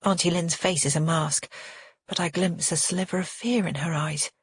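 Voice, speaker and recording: Husky, low-voiced woman narrating. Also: steady tone, moderate pace, no echo, studio quality. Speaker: audiobook narrator. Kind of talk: first-person scripted narration.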